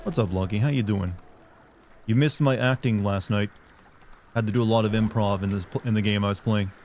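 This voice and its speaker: A man's voice: lowish voice, brisk, darkish tone, slight background noise. A young man streaming a game live, chatting casually to his viewers in a rambling way full of fillers. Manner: rambling, talks to chat with many fillers. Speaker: livestreamer. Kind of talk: casual live gameplay chat.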